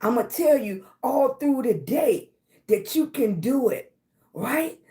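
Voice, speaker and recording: Slow, emphatic motivational woman. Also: fairly high pitch, sing-song, mellow. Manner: emphatic, repetitive affirmations, calls viewers baby. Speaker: livestream host. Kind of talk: motivational livestream talk.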